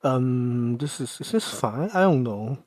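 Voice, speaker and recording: A man livestreaming while he programs, thinking aloud in a mumbling, halting way and questioning himself as he goes. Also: mid-range voice, animated, darkish tone, no echo.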